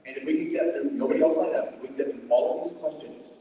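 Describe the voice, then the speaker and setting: A middle-aged man, a voice actor on a convention panel, telling lively stories and often breaking into laughter. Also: medium pitch, quick pace. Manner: animated, laughing storyteller. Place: large convention hall. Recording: echoey hall, distant mic, crowd noise.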